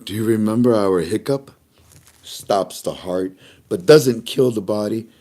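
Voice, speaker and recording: A man giving casual spoken commentary in a mocking, animated way, laughing between remarks and acting out little back-and-forth exchanges. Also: lowish voice, a little slow. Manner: animated, mocking, acts out dialogues. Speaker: online commentator.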